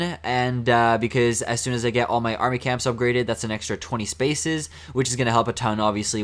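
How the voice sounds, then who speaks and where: Raspy-voiced young man narrating gameplay. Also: medium pitch, fairly bright tone. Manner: chatty, laughs often, many fillers. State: hoarse, raspy voice today. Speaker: gaming commentator. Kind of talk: casual gameplay commentary. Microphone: desk microphone.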